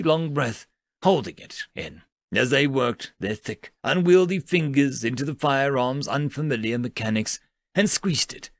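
A man narrating a science fiction story in an expressive, dramatic reading. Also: medium pitch, no echo. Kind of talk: scripted narration.

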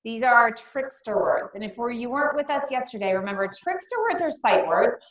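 Woman, teacher, higher voice, slow call-and-response spelling, sing-song chanting, early-reading lesson for kids. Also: animated, a bit bright. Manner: chatty, loose asides with fillers between activities. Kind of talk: online early-literacy lesson for young children.

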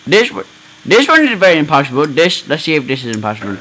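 A man giving loud, profane let's play commentary from home, often yelling as he reacts to the game. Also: fairly high pitch, wildly swooping pitch, racing, rough recording. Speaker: gamer.

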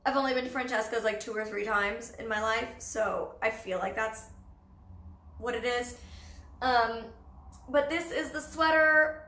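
A woman's voice: on the high side, measured pace, sharp tone, echoey room. A Canadian woman in her twenties, chatting casually and bubbly as a vlogger, full of "like" fillers. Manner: bubbly, chatty, fashion-loving, many "like" fillers. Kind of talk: casual chat.

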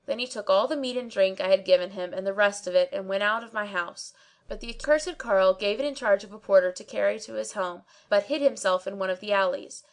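A woman narrating an audiobook of old tales in measured, storytelling delivery. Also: medium pitch. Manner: measured storytelling with archaic diction. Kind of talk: scripted narration.

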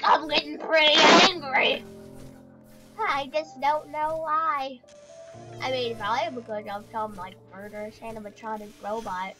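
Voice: high-pitched, sharp tone, poor audio. A performer voicing a sulking, forgotten male animatronic bear in a comedic skit, talking in a whiny, rambling, self-pitying way. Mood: indignant.

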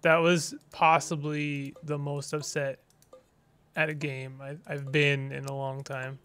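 An unhurried gaming streamer with a mid-range voice talks through a let's play. They are playful and exasperated by turns, with loud dramatic outbursts, goofy invented words and quiet muttered asides. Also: medium pitch, level tone, clear, resonant tone, soft background music.

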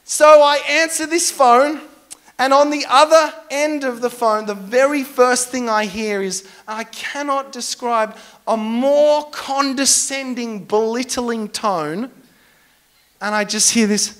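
Brief: young male pastor, high voice, animated and self-mocking in his sermon stories. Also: slow. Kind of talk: storytelling sermon.

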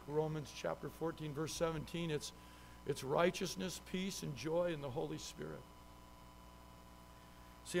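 A man's voice: high-pitched, a bit bright. A man, a pastor, preaching a sermon with emphatic, repeated phrases.

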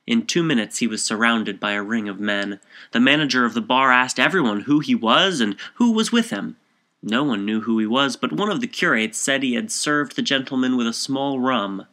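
A man reading a short story aloud as narrator in a measured, composed way. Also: medium pitch, lively intonation, bright, forceful tone.

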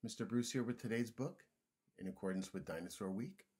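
A man reading a picture book aloud to young children, gentle and expressive, sometimes dropping to a whisper. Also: on the low side, fairly quick, slightly rough.

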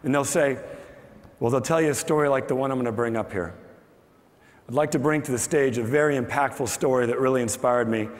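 A man's voice: medium pitch, fairly quick. A man hosting an event on stage, speaking in an emphatic, rousing motivational way. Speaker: event host. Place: large hall with audience. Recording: reverberant hall with crowd.

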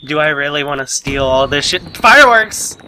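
A man's voice: medium pitch, level tone, a little fast, pushed and bright, a little hiss or hum. A man joining a let's play as co-host, asking questions and making wisecracks. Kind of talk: casual gameplay chat.

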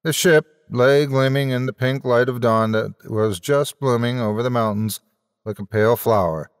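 A man's voice: medium pitch, normal speed, clear, resonant tone. A male storyteller reads a comic tale with theatrical flair and a wry edge. His mid-range voice is recorded dry and close. A long reverb tail trails every phrase. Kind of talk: dramatic story narration.

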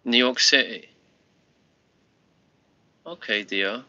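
A man chatting to viewers on his live stream, tired, rambling and halting with many restarts. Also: mid-range voice, sharp tone, no echo. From United Kingdom. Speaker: livestream host. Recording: lo-fi muffled livestream audio.

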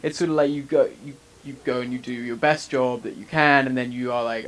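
A young man with a British accent talks loosely and cheerfully in a casual interview. His voice sits at an ordinary middle pitch, and he wanders through his points with a self-deprecating touch. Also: steady tone, fairly quick, a bit bright. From Britain. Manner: rambling, self-deprecating, chatty. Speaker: actor being interviewed.

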